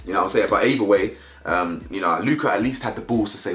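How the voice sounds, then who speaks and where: A man's voice: fairly low pitch, quick pace, fairly bright tone. A young man gives a casual, slangy review of a reality show, firing off rhetorical questions. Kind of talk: casual commentary vlog. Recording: echoey room with faint music.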